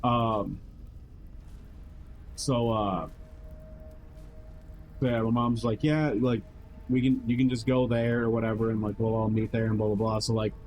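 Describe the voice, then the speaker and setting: A man's voice: lowish voice, steady tone, unhurried, long pauses, a little mellow, soft background music, rough recording. A man streamer telling a long, rambling story in casual chat, heavy on swearing and filler words, acting out what others said. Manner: rambling, profane, lots of fillers and quoted voices.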